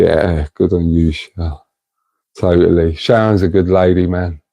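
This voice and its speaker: A man's voice: deep voice, unhurried, gravelly, warm tone, no room sound, muffled recording. A middle-aged man hosting a casual livestream, rambling and chatty as he reads out viewers' comments and calls them mate. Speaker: livestream host reading chat.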